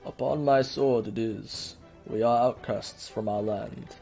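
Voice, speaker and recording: A man's voice: fairly low pitch, steady tone, gravelly, dark tone, soft background music. A man doing a solemn, grave old knight. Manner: slow, solemn and firm. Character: stern, loyal veteran male knight. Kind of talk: let's play voice acting.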